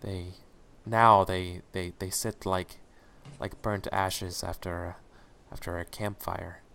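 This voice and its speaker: A man's voice: sits low, fairly even intonation, slow, creaky, fairly bright tone, full character voice. A man doing a solemn old wizard. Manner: formal, archaic speech. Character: old male wizard, last of his kind, formal and calm.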